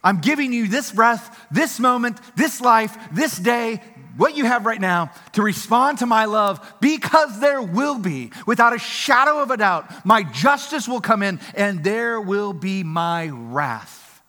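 A man's voice: high voice, lively intonation, measured pace, few pauses, bright, forceful tone, pitched above the performer's own voice, full character voice. A man voicing God as a loving yet stern father, speaking in an earnest, emphatic way. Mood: pleading. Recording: reverberant hall.

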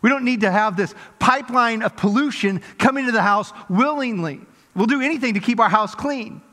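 A middle-aged male pastor preaching a sermon, swinging from lively emphasis to hushed intensity. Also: extremely high pitch, brisk. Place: large church hall. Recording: reverberant church hall.

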